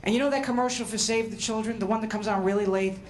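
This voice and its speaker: A woman's voice: medium pitch, fairly even intonation, quick pace, a little hiss or hum. A woman performing stand-up with a chatty, self-mocking delivery. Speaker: stand-up comedian. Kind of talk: stand-up comedy set.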